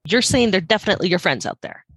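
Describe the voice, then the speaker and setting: A woman's voice: medium pitch, lively intonation, fast, fairly bright tone, slightly rough, no echo. A woman joins a tabletop game as a player. Her remarks come out dry and skeptical, with a wry edge. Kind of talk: casual tabletop game chat.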